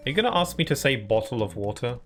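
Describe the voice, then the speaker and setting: A young British man with a somewhat posh accent rambles through a casual live-stream chat while playing a video game, chatty and full of fillers and laughs. His mid-range voice swings widely in pitch, moves quickly, and sounds a bit bright. Soft music plays in the background.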